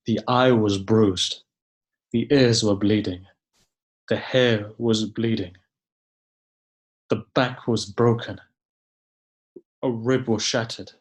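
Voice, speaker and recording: Grieving male preacher, slow and hushed. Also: fairly low pitch. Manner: slow, grieving storytelling with dramatic pauses. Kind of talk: mournful majlis sermon narration.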